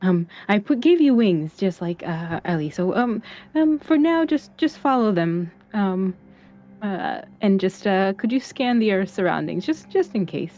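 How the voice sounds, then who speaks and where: A woman playing a tabletop game, talking haltingly with many fillers. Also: mid-range voice, expressive, warm tone. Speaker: player.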